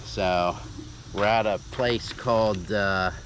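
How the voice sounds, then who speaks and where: An American man vlogging outdoors on a bike trail, halting with lots of fillers, a bit out of breath. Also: on the low side, steady tone, fairly bright tone. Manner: rambling, halting, with many fillers. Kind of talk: casual outdoor vlog narration. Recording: heavy wind noise on outdoor mic.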